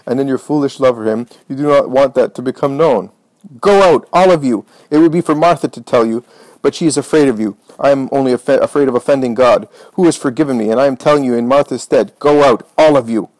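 A man voicing a fiery, devout woman who speaks with forceful, commanding conviction. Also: medium pitch, fairly even intonation, fairly quick, hardly any pauses, no echo, natural voice, poor audio. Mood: wrathful.

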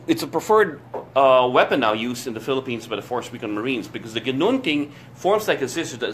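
Host type, male, keen and chatty, middle pitch, light background noise. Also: fairly bright tone. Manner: enthusiastic, explains blades in detail. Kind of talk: casual chat. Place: Florida.

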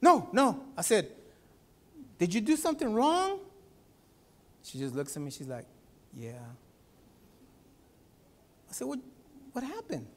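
A pastor preaching a Sunday sermon, telling a family story with acted-out voices. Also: male voice, high voice, unhurried, long pauses. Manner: animated storytelling, acts out voices.

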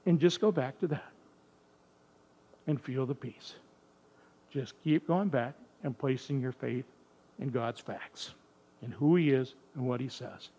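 A man preaching a sermon in a church, telling a family story with lively acted-out voices. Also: mid-range voice, unhurried, long pauses. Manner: animated storyteller acting out voices. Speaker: pastor.

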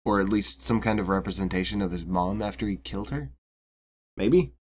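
Low-voiced man commenting on a game. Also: a little fast, darkish tone, a little hiss or hum. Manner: casual, wry reactions. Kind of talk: let's play commentary.

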